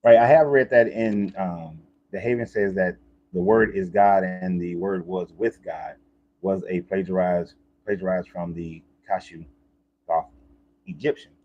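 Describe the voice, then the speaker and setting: Husky low-voiced man, muffled. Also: fairly even intonation, measured pace, a little mellow. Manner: conversational, rambling, repeats himself. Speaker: life coach. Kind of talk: casual monologue.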